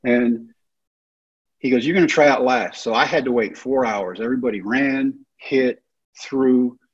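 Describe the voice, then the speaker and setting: A man's voice: mid-range voice, unhurried, breathy edge, highs cut off. A man, telling his life story and acting out the other people's lines. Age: 30s. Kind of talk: storytelling talk.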